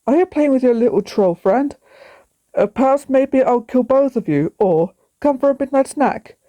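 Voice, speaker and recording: A woman's voice: high-pitched, animated, normal speed, warm tone, no room sound. A woman voicing a menacing male armored dragon who taunts and threatens in a storybook. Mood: taunting.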